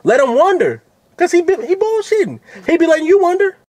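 A man plays a flirty work husband in a comedy skit, coaxing and smooth-talking. His voice swings widely in pitch as he sweet-talks a coworker. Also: big pitch swings, fairly quick, a little mellow, no room sound.

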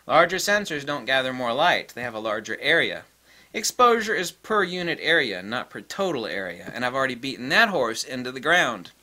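A man's voice: medium pitch, very animated, fairly quick, pushed and bright. A middle-aged man hosting a photography channel, talking bluntly and emphatically, repeating key points as he rants. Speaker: photography video host. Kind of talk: emphatic solo tech rant.

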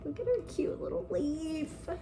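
In her living room, a woman who vlogs about plants unboxes a delivery for her viewers in a high, animated voice at a moderate pace. She talks casually, full of gushing exclamations, while crinkling packaging makes the audio noisy.

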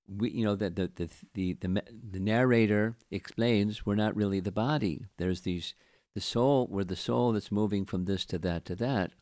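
A man giving a scripture lecture as a spiritual teacher, speaking in a halting way with frequent restarts and repeated words. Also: low-pitched, darkish tone, no echo, clean studio sound.

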